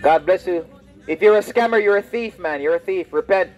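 Man, very high voice, street preaching, confrontational, repetitive. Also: a little fast, low-quality recording. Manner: loud, confrontational, repeats his lines. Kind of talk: open-air street preaching. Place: outdoors on a street.

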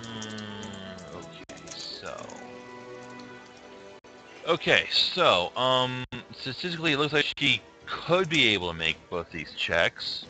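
Low-voiced man running a tabletop game. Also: sing-song, slow, sharp tone, faint music behind. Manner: hesitant, lots of ums and restarts. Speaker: game master.

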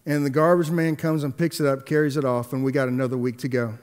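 A pastor telling a story in a sermon, swinging between hushed and emphatic delivery, with halting restarts and repeated words. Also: male voice, medium pitch, level tone, clean tone. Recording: long echoey hall reverb.

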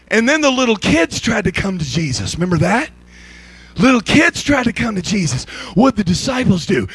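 A man's voice: high-pitched, sing-song, normal speed, a bit bright, breathy edge, dry recording. A man preaching a sermon in a church, joking and laughing as he acts out voices in his stories. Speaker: pastor. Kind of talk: comedic sermon storytelling. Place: church sanctuary.

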